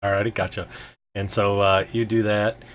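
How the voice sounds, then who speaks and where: A man's voice: on the low side, little pitch movement, normal speed, fairly bright tone. A man narrating a tabletop game as game master, in a loose, hesitant way full of ums and filler words.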